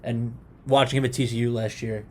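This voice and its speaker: Young guy cohosting a sports podcast, casual joking banter, normal-pitched voice. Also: little pitch movement, fairly quick, a little mellow. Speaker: podcast co-host.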